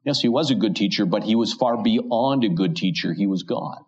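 A man preaching an expository sermon, reading scripture slowly and asking his listeners questions. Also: on the low side, animated, darkish tone, muffled recording. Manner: reads scripture slowly and deliberately, asks rhetorical questions.

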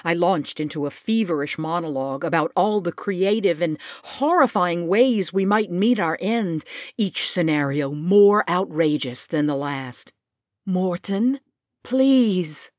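A woman narrating a storybook with a slow, expressive reading. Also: lowish voice, no room sound, studio quality.

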